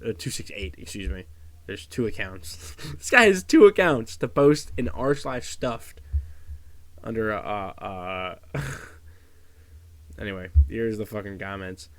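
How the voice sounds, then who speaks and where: A man's voice: on the low side, a bit bright. A man giving casual, profane commentary, sarcastic and openly disgusted. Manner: disgusted, sarcastic, swears a lot. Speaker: commentary vlogger.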